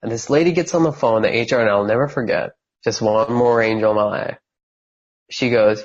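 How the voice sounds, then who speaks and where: A husky-voiced man in his thirties tells his story on a podcast. He talks with lots of energy and acts out the voices of the people in it. The recording sounds slightly dull. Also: on the low side, brisk. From California. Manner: animated storyteller who acts out quoted voices. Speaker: guest.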